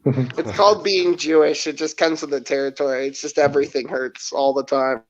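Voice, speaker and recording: A man's voice: on the high side, fairly even intonation, normal speed. Sarcastic man roasting friends, lo-fi. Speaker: podcast co-host. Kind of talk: crude joking banter.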